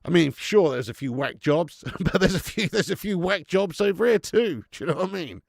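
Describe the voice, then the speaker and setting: Streamer type: young man, gravelly, fairly high voice, sweary excitable match commentary with chat asides. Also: a little fast, dry recording, studio quality. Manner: sweary, excitable, chatty with viewers. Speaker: football watch-along streamer.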